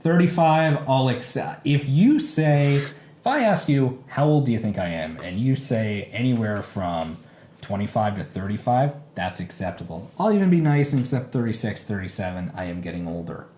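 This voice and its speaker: A man in his thirties co-hosting a casual podcast, telling animated, self-mocking stories. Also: mid-range voice, normal speed. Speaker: podcast co-host. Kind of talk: casual chat. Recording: echoey room with faint background noise.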